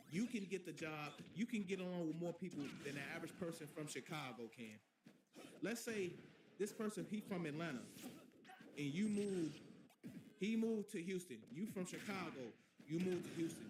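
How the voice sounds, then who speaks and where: Brief: male streamer, a little high-pitched, preaching slowly over background noise. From US Midwest. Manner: preachy, repetitive, drawls "bro" and "boy". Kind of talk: casual monologue while streaming.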